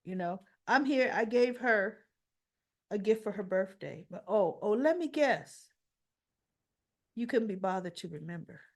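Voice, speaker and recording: A woman's voice: mid-range voice, measured pace. A woman recapping a soap opera episode in a casual way, acting out the characters' lines and scolding them with her own commentary. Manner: animated retelling, acts out lines and scolds characters.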